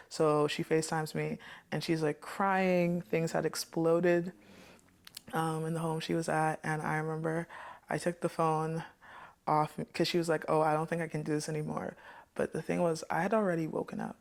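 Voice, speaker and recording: Gravelly, lively woman telling stories. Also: low voice. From Caribbean. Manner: animated, laughs often, playfully fierce. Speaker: guest. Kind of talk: casual storytelling interview.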